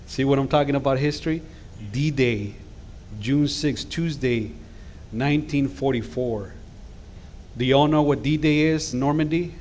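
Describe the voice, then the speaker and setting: A man's voice: medium pitch, takes it slowly, long pauses, darkish tone, slight background noise. A middle-aged man, a guest pastor preaching an impassioned sermon in a church that swells into emphatic calls to action. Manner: impassioned, rising to emphatic exhortations. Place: church sanctuary.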